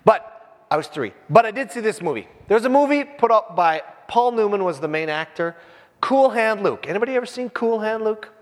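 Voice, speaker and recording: A pastor in his fifties preaches to his church, joking and speaking straight to the people in the pews. His voice sits high for a man and swoops up and down all the time. The sound carries a long church-hall reverb. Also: normal speed. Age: 50s. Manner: animated, jokey, talks straight to the congregation. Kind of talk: sermon. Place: church with a congregation.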